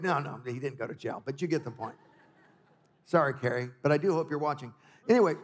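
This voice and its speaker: A visiting preacher, a man with a slightly high voice, swings between stories, scripture and punchlines. His voice rings out with a long reverb trail from a church hall. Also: a little fast. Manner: animated, joking storyteller. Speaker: guest preacher. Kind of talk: sermon with personal stories and humor. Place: church sanctuary.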